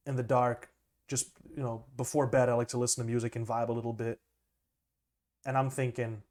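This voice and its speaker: A young man, a music producer, chatting casually and excitedly as he reacts to an album, laughing often. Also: medium pitch. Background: music playing faintly.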